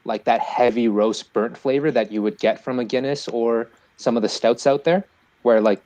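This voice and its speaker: Male podcast guest, brewer, loose animated storyteller, mid-pitched, lots of "like" and "um". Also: poor audio. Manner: animated storyteller with many fillers. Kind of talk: casual podcast chat.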